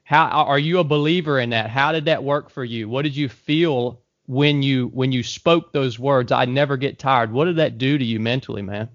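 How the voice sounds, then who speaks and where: A man's voice: medium pitch, normal speed, few pauses, a bit bright. Encouraging male host, slightly muffled. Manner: encouraging, calls listener "man", restarts questions. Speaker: podcast host. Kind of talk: casual podcast conversation.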